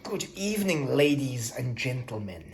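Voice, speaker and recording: A man's voice: medium pitch, big pitch swings, normal speed. A young man rambling to his phone camera in a casual vlog. He talks in a hyper, jokey way and keeps wandering off topic. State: out of breath. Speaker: vlogger.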